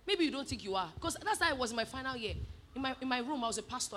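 A woman preaching a sermon, animated, moving from soft asides to shouted emphasis. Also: high voice, racing, a little hiss or hum.

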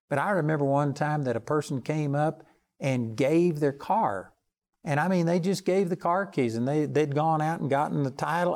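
Guy preaching on tv, kinda high voice, earnest storytelling. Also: a little mellow. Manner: earnest storytelling, rises in pitch for emphasis. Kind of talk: televised sermon.

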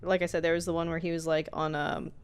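A woman's voice: low-pitched, level tone, fast talker, clear, resonant tone. A young woman co-hosting a casual podcast chat, asking questions and laughing often. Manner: questioning, giggly, conversational.

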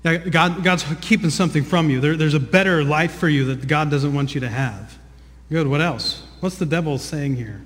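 A man's voice: a little high, moderate pace. A man preaching a sermon, earnest and teaching, often repeating words and putting questions to his listeners. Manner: earnest teaching, frequent word repeats, asks the congregation questions. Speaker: pastor. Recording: long reverb of a large hall.

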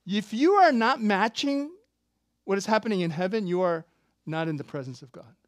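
Animated, playful preacher. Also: medium pitch, moderate pace, no echo. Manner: animated, playful, bursts into shouts and laughter. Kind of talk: sermon.

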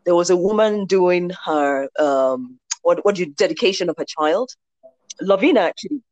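Woman, 40s, from Nigeria. Lively testimony teller, slightly low voice, dry close sound. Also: moderate pace, dry recording, lo-fi sound. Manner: animated storyteller, acts out quoted voices. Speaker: guest sharing a testimony. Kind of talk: personal faith testimony.

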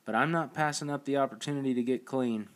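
A male narrator voicing a gruff, reluctant young archer in an audiobook, with a grumbling, hesitant delivery. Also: medium pitch, fast talker, voice pushed up, lightly acted.

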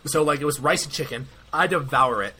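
A man's voice: on the high side, brisk, slight background noise. A young man co-hosting a podcast, telling a long rambling story in casual chat and acting out what everyone said. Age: young adult. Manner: rambling, animated, quotes himself often. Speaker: podcast co-host.

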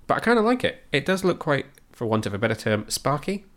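A man runs through film news on a podcast in a casual, joking way. His voice sits at an everyday middle pitch. He rattles off trailers and casting with loose, chatty asides. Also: big pitch swings, quick pace, a bit bright. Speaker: podcast host.

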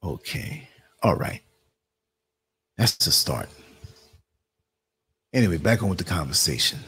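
A man's voice: low-pitched, sing-song, a little slow, pushed and bright, breathy edge. A man with a New York accent hosting a casual live stream, chatting to viewers and muttering asides as he works the computer. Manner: conversational, muttering asides while working the computer. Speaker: live show host. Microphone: computer streaming setup.

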